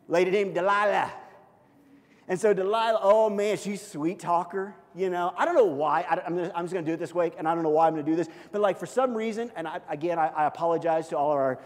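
A man's voice: high-pitched, big-room sound. A middle-aged male pastor preaching a sermon in a conversational, self-deprecating storytelling manner.

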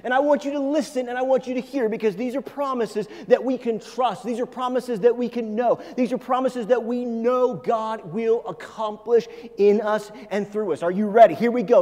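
A middle-aged man preaching a sermon as a pastor, talking fast and emphatic, often repeating phrases. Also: very high voice, fairly even intonation, warm tone, long reverb tail.

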